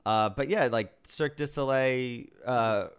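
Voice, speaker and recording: A podcast co-host chats casually about movies in a smooth, unhurried, mid-range voice. He rambles, leans heavily on fillers, and keeps correcting and restarting himself.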